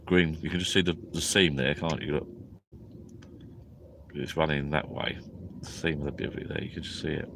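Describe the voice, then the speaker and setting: A man's voice: rumbling low, fairly even intonation, moderate pace, creaky, long pauses, background noise. A tired man, chatting rambly and drowsily on a live stream from inside a small tent at a lake at night. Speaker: fishing vlogger. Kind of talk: casual live-stream chat.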